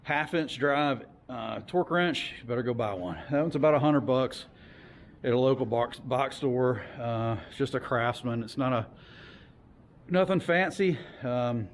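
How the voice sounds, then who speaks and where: A man's voice: mid-range voice, a little hiss or hum. Chatty man doing a garage how-to. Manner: loose and chatty, lots of fillers. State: out of breath from heavy wrenching. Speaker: car hobbyist showing an engine install. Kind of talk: casual workshop how-to.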